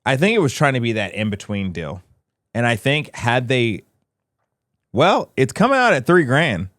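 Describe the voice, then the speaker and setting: A man's voice: medium pitch, big pitch swings, moderate pace, fairly bright tone, no room sound, clean studio sound. A man co-hosting a casual camera-talk livestream, teasing and laughing often. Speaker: co-host.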